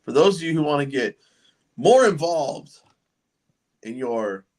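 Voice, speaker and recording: A man's voice: a little high, lively intonation, measured pace, a little mellow. A man hosting a casual livestream, chatting loosely and joking with viewers and guests. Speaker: livestream host.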